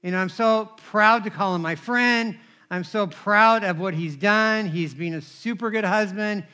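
A man preaching a sermon, telling personal stories in an animated, conversational way and asking the crowd for responses. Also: high-pitched, measured pace, clean tone. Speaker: pastor.

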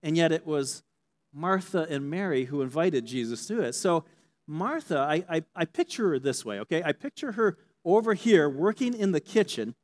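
A man preaching a sermon with a slightly high voice, talking in a loose, conversational way. He keeps checking in with his listeners with a quick "okay?" and acts out little scenes as he goes. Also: sing-song. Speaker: pastor.

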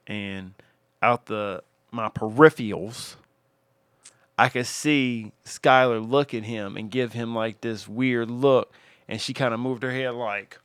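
A man with a smooth, resonant voice holds the mic for a casual podcast chat. He tells family stories freely, with plenty of swearing, and his voice jumps when he acts out what people said. The sound is close and dry, with no room around it. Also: mid-range voice, dry recording. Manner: animated, profane, acts out quotes loudly. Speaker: podcast host, father of teens.

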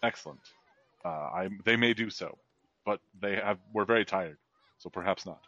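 A man's voice: low voice, normal speed, bright, forceful tone, no room sound. A man voicing a terse, formal adventurer man who speaks in stiff, proper phrases, on a dull, dry, lo-fi mic.

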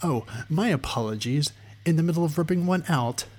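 A man's voice: a little high, expressive, brisk, a little mellow, pitched above the performer's own voice. A man voicing a scrawny, sarcastic male magician who taunts in a snide, sing-song way. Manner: mocking, sing-song, smirking.

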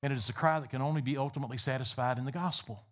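A man's voice: mid-range voice, fairly even intonation, racing. A man preaching a sermon as a pastor, building emphatic repeated phrases. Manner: emphatic, repetitive preaching cadence.

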